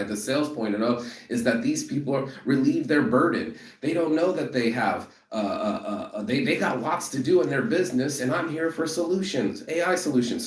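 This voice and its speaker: Guy hyping himself up, swearing a lot, repeating stuff, recorded kinda far off with echo. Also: medium pitch. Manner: emphatic, profane, repetitive. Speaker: vlogger. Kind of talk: motivational rant. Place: outdoors, walking toward a train station. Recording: echoey, from a distance.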